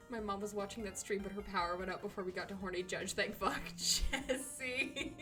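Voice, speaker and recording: A woman's voice: mid-range voice, a little slow, over music. A woman streamer in casual chat who giggles often and swears now and then.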